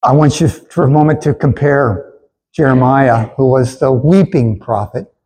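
A man's voice: mid-range voice, a little slow, warm tone, husky, low-quality recording. A man preaching a sermon in an earnest way, with stammered restarts, and he asks the congregation to repeat lines after him. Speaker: pastor.

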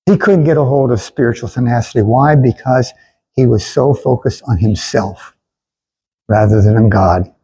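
A man's voice: mid-range voice, normal speed, dark tone, husky, poor audio. A man preaching a sermon in an earnest way, with stammered restarts, and he asks the congregation to repeat lines after him. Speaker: pastor.

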